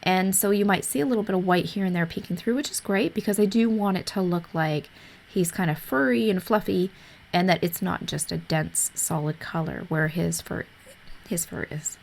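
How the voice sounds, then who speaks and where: A woman narrating a coloring tutorial in an easygoing, explanatory way, a little hoarse as she is losing her voice. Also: mid-range voice, fairly quick, darkish tone. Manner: easygoing, explanatory, with frequent fillers. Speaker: art tutorial host.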